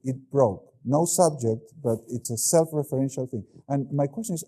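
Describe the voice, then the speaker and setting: Brief: middle-aged male keynote speaker, warm mellow tone, animated delivery. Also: mid-range voice, moderate pace, hardly any pauses. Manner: animated, acts out quoted voices. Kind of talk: keynote lecture.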